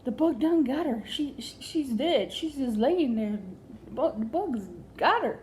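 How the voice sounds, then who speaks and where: Woman playing panicky boyfriend, high, frantic, stammering, wailing. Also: lively intonation, a little slow, darkish tone, a little hiss or hum. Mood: panicked. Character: panicky frightened man, boyfriend, dramatic worrier.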